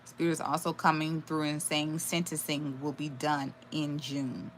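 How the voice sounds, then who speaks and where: A woman's voice: low voice, level tone, measured pace, slight background noise. A woman giving a live tarot reading, channeling messages aloud with sudden exclamations and blunt swearing. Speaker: tarot reader.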